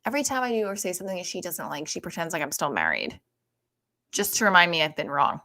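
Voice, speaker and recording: A woman in her thirties doing casual, profane stand-up on a livestream, rambling with many fillers and often talking quietly. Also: fairly low pitch, sing-song, quick pace. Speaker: stand-up comedian.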